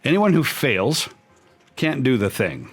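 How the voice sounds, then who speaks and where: A man narrates a tabletop horror game as game master. He paints gory scenes in vivid detail and slips in casual asides. His voice sits at an ordinary middle pitch, with faint music playing underneath. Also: huge pitch swings, slow pace, slightly rough.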